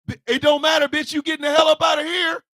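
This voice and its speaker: A man's voice: very high voice, flat delivery, fast, sharp tone, no room sound, shouting, studio quality, voice pushed up. A man voicing a crude bossy immigration officer. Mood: gruff, bossy. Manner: gruff, insulting, bossy.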